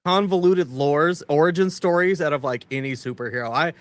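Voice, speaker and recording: A man, a guest on a casual movie review chat, explaining in a relaxed, matter-of-fact way. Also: on the high side, brisk, no room sound. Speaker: podcast guest.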